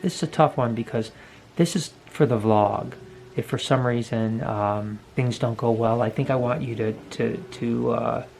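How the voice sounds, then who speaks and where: A man hosting his vlog, speaking sincerely to his viewers and pausing often with fillers. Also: mid-range voice, creaky, a little mellow, faint music behind, rough recording. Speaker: vlogger host. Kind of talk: heartfelt farewell to viewers.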